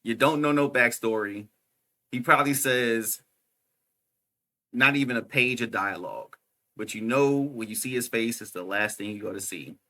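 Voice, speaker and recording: Excitable, slangy young man with a bright voice. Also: medium pitch, moderate pace. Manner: excitable, laughs a lot, slangy with frequent "bruh". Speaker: podcast co-host. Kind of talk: casual chat.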